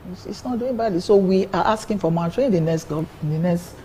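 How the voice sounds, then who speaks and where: A woman's voice: fairly low pitch, a little fast, dark tone, slight background noise, poor audio. An older woman, a politician answering interview questions in an earnest way, often repeating words as she builds her point. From Nigeria.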